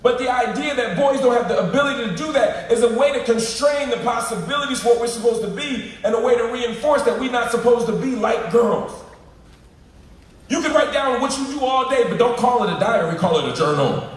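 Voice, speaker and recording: A man's voice: extremely high pitch, a little fast. Man, public speech, emphatic, preacher-like, slang asides, distant mic, very echoey hall. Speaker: keynote speaker. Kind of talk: public speech to a live audience. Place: large lecture hall at an event. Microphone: live stream filmed from the audience. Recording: echoey hall, from far off, livestream.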